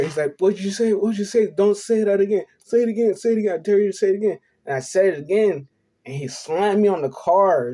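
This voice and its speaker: A man's voice: a little high, mellow. A young man telling a personal story in an earnest, confessional way, rambling and repeating himself. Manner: rambling, repeats "you know what I'm saying". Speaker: vlogger.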